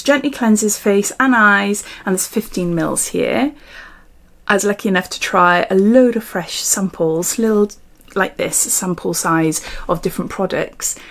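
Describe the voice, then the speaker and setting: Middle-aged British woman with a fairly high voice, a friendly vlogger talking off the cuff into her phone at home. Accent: British English. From United Kingdom. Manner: chatty, chuckles often, thinks aloud. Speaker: beauty vlogger. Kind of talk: casual unboxing chat.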